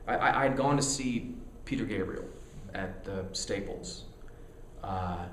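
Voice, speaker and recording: A man with a fairly low voice, a musician in an interview, talks candidly at a measured pace, rambling and excitable with stammered restarts and casual swearing. The room is echoey and there's background noise.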